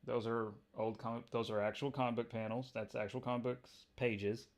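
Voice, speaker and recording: A man hosting a casual comic book review, excitable and rambling as he nerds out. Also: mid-range voice, normal speed. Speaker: comics video host.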